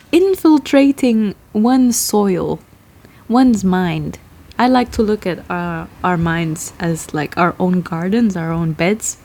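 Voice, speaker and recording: A woman's voice: a little high, a little mellow. A woman, a tarot reader chatting loosely to her viewers, laughing often and swearing casually as her thoughts drift. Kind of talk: rambling casual chat to camera.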